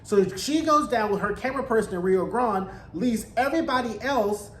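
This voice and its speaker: A man's voice: very high voice, moderate pace, a bit bright. A man giving a sassy, slangy, gossipy recap of a TV episode. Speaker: TV recap vlogger. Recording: roomy echo, faint background noise.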